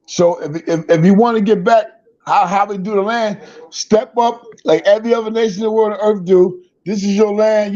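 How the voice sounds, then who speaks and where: A man with a high voice lectures in a direct, preachy tone, speaking straight to his listeners. The audio is dull and lo-fi. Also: darkish tone.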